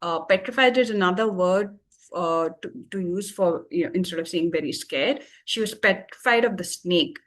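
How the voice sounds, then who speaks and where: A woman tutor patiently explaining English vocabulary with everyday examples, pausing often with fillers. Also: fairly low pitch, fairly bright tone.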